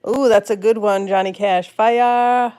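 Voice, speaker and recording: A woman's voice: medium pitch, steady tone, unhurried, warm tone, smooth. A woman hosting a casual livestream, reading out viewer comments and repeating words back in a playful, questioning way. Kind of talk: casual live-stream chat.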